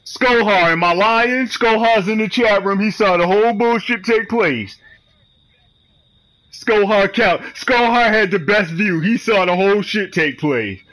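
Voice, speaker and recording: A man's voice: high-pitched, measured pace, poor audio. A man streaming a game, trash-talking in loose, profane commentary. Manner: profane, animated trash talk. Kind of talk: live gameplay commentary.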